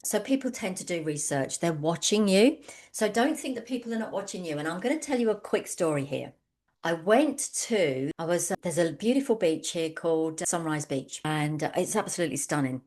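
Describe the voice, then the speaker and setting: A woman's voice: on the low side, lively intonation, brisk, darkish tone. A woman, an online business coach, giving a conversational webinar talk full of anecdotes and frequent ums. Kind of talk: webinar presentation.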